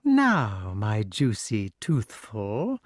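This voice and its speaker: A man's voice: on the low side, wildly swooping pitch, drawn-out words, dry recording, clean studio sound, full character voice. A man voicing a cruel, greedy old witch in an audiobook, drawing out her words with relish in a sing-song way. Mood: gloating. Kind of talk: audiobook character voice.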